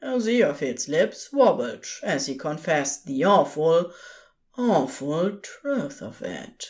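A woman narrating a podfic in a gentle, expressive storytelling manner. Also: low-pitched, slow pace.

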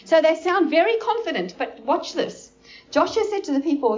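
A woman teaching the Bible informally to a small group indoors, animated and acting out the characters. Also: very high-pitched, moderate pace, muffled recording. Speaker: preacher.

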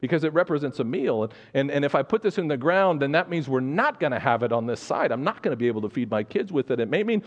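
A man's voice: mid-range voice, expressive, fast talker, hardly any pauses, in a large hall, lo-fi sound. A male pastor preaching a sermon in earnest, often repeating words as he builds his point. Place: church sanctuary.

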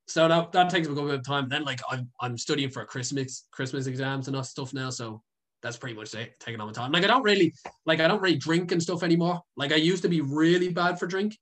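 A man's voice: fairly high pitch, fairly bright tone. A young man, a guest telling a story casually, rambling with many fillers and frequent swearing. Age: young adult. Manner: rambling, heavy with fillers and swearing, laughs often. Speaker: guest, content creator.

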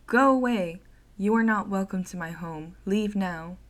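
A woman's voice: medium pitch, unhurried, lightly acted. A woman voicing a grumpy monstrous head-creature. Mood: hostile. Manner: annoyed, judgmental. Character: grumpy reclusive male head-creature eye collector.

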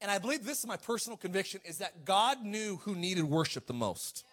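A man preaching a sermon to a congregation, swinging between loud calls and quiet asides and asking for amens. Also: sits high, animated, a little fast.

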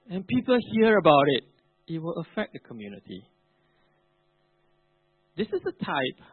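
A man's voice: fairly high pitch, husky, no room sound. A male pastor preaching a sermon, emphatic with colloquial asides. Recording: narrow phone-like, dry.

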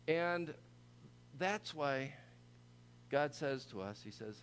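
A middle-aged man preaching a sermon in a conversational, animated way with frequent restarts. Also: on the high side, takes it slowly, slight background noise. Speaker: pastor.

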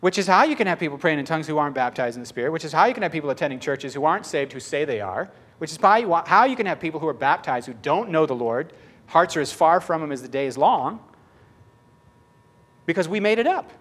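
A man preaching a sermon, telling a personal story and acting out the voices in it, swinging from loud to hushed. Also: a little high, animated, fast talker.

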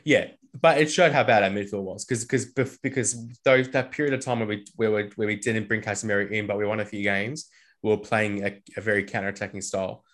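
A young man co-hosting a casual football podcast, rambling and quick to laugh, circling back through his sentences. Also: fairly low pitch, fairly even intonation, fairly bright tone. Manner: rambling, laughs often, mocking impressions. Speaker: podcast co-host. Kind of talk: casual chat.

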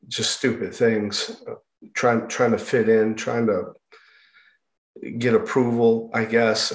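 A man giving a personal testimony about his hard childhood, speaking haltingly, with frequent restarts and pauses. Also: fairly low pitch. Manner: halting, with many restarts and fillers. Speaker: speaker sharing his life story. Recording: roomy echo.

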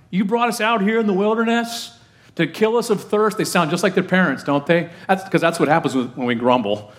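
A middle-aged man, a pastor giving a sermon in a conversational way and putting questions to the congregation. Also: medium pitch.

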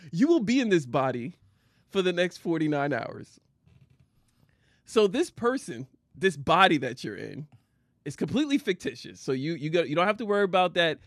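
A man hosting a casual chat show, laughing and teasing his co-host as he goes. His voice sits fairly high and swings widely in pitch. The sound is close and dry. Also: big pitch swings, moderate pace, no room sound. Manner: laughs often, playful teasing. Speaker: podcast co-host.

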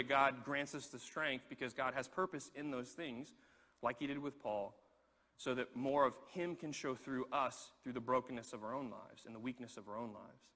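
A man preaching a sermon, telling a personal story in an animated way and repeating words as he gets going. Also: medium pitch, big-room sound. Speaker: pastor.

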